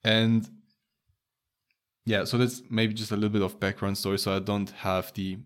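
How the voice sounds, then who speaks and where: Speaking at a normal speed with a fairly low, flat delivery, this native Romanian man has a light accent. In a relaxed conversation with a friend, he laughs a lot and keeps starting his sentences over.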